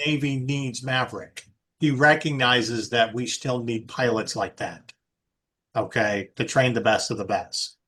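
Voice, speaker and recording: A man's voice: mid-range voice, a little slow, bright, forceful tone. A man co-hosting a podcast, talking in a rambling way with many fillers and restarts. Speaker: podcast co-host. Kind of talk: casual chat.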